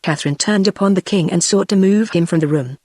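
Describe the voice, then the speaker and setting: A text-to-speech woman's voice with a British accent, reading a historical novel in an even, steady delivery. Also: fairly low pitch, fast talker, slightly rough, no echo. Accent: British English. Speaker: audiobook narrator. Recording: dry synthetic voice.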